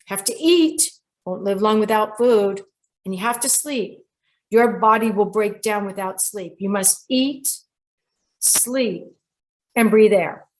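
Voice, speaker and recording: A middle-aged woman hosting a show about dreams, telling a client's story in a lively way and quoting people directly. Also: medium pitch. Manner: animated storyteller who quotes people directly. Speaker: radio show host and dream interpreter. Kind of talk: storytelling monologue.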